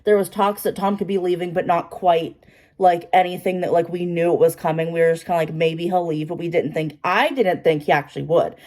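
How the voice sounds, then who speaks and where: A woman in her twenties, a beauty vlogger, chatting excitedly while doing her makeup and saying "like" constantly. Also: lowish voice, a little fast. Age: 20s. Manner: chatty and excitable, heavy use of "like".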